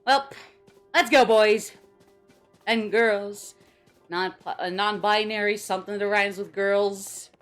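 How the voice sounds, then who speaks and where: A woman's voice: mid-range voice, fairly even intonation, takes it slowly, long pauses, fairly bright tone, faint music behind. A young woman streaming a video game, chatting playfully with her viewers and laughing often. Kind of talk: casual gameplay commentary.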